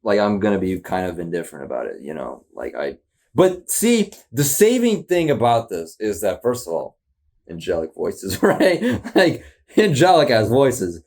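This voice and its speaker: Animated man rambling through a reaction. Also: on the low side, normal speed. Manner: rambling, incredulous, laughs often. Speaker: reaction video host. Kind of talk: casual reaction commentary.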